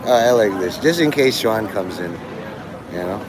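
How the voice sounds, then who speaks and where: A man's voice: fairly low pitch, expressive, normal speed, background noise. A man live-streaming outdoors on a city street, chatting in a rambling, meandering way and laughing often between thoughts. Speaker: livestreamer.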